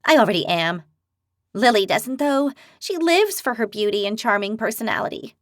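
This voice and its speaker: A woman's voice: on the high side, expressive, moderate pace, dry recording, clean studio sound, lightly acted. A woman voicing a blunt, quarrelsome but brave young woman healer in a fantasy audiobook. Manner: blunt, spirited.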